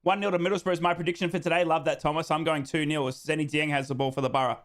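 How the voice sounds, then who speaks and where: High, bright-voiced excitable fan commentator. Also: male voice, very fast. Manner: excitable, bursts into shouting celebrations; reads out viewers' names and answers them. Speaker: host of a live football watchalong. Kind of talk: live fan commentary on a football match.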